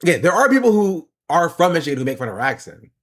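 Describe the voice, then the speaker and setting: A man's voice: a little high, very animated, fast, a bit bright. A man streamer giving opinionated, explanatory political commentary.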